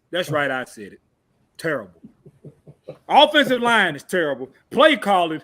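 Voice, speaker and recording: A man's voice: high-pitched, big pitch swings, normal speed, sharp tone. A man from Tennessee, co-hosting a sports podcast, ranting and cursing in heated casual talk. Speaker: podcast co-host.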